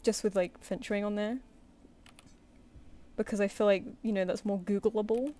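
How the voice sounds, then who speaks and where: A woman's voice: mid-range voice, steady tone, normal speed, warm tone. Chatty self-deprecating woman streamer. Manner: rambling, self-deprecating, chatting to her pet. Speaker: artist streaming live commissions. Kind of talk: casual live-stream chat.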